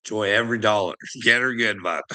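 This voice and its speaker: A man rants to his livestream chat in a sarcastic, mocking way, swearing heavily and often breaking into laughter. His voice is fairly low and sharp-toned, at a moderate pace.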